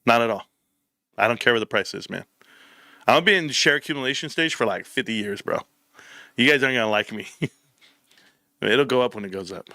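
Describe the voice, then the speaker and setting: Lively, bright-voiced man streaming from home. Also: medium pitch, dry recording, studio quality. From California. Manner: animated storytelling, reads chat aloud. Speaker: live stream host. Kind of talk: casual live stream chat. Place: home, standing at a desk.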